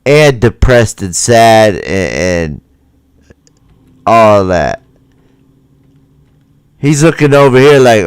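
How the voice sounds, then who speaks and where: Slow, lively-pitched man talking over footage. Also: clear, resonant tone, no echo. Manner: profane, keeps asking the viewer rhetorical questions; acts out the people in the footage in quoted voices. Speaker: livestream host. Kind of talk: casual commentary on video footage.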